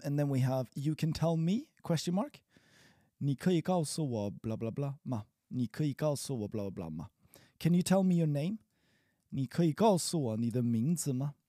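A man leads a relaxed spoken language lesson, warm-toned and mellow. His pitch swings widely as he encourages the learner. He rambles into fillers and restarts, recorded close and dry with no room sound. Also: no room sound. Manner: encouraging, chatty, trails off with fillers. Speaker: language teacher.

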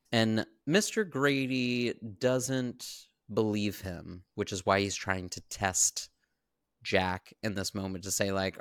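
A man's voice: on the low side, takes it slowly, no room sound, clean studio sound. A man co-hosting a podcast, retelling a horror film scene by scene and acting out the characters' lines. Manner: animated storyteller, acts out the characters' lines. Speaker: podcast co-host. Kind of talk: casual chat, retelling a film.

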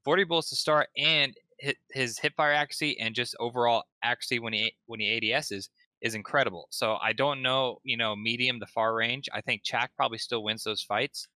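A man's voice: mid-range voice, steady tone, brisk, bright, forceful tone, dry recording. A man co-hosting a casual gaming podcast, rambling and joking with lots of fillers. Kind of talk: casual chat.

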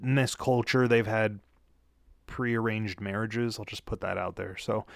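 A man's voice: fairly low pitch, steady tone, measured pace, vocal fry, dry recording, studio quality. A tired man after work, telling a rambling, profane story into a handheld mic with a pop filter, often correcting himself. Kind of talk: casual storytelling monologue. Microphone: handheld studio mic with pop filter.

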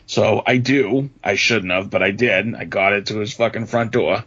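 A man's voice: fairly low pitch, moderate pace, hardly any pauses, slightly rough. A man telling a story on a casual podcast, swearing a lot. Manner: animated, heavy swearing. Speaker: podcast co-host. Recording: dull lo-fi podcast audio.

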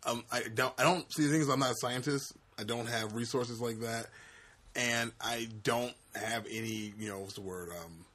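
Husky-voiced young man, laid back. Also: medium pitch, normal speed, a bit bright. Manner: easygoing, laid-back, trailing off. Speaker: podcast co-host. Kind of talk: casual chat.

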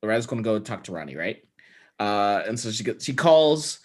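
A male podcast co-host chatting casually about a film. He recaps the plot quickly and with animation, swearing freely as he goes. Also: fairly low pitch, very animated.

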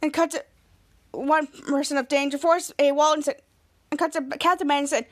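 High-voiced woman retelling a TV episode. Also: fairly even intonation, a little fast. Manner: retells scenes by quoting characters, with restarts and "cut to". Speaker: podcast host recapping a TV episode. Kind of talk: casual recap narration.

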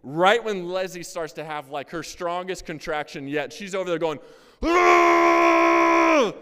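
Chatty pastor in a reverberant hall. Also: male voice, on the high side, moderate pace, heavy background noise. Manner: casual, chatty, self-deprecating. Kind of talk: sermon with storytelling.

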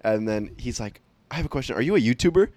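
A man's voice: mid-range voice, expressive, quick pace, a little mellow, dry recording. A young man telling stories in casual chat, rambling with lots of fillers and swearing.

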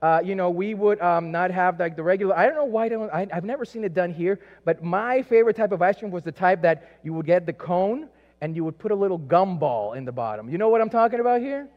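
High-voiced preacher in an echoey hall. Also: male voice, fast. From South America. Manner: conversational and animated, many asides and fillers. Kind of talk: sermon with personal storytelling. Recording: echoey hall, dull lo-fi sound.

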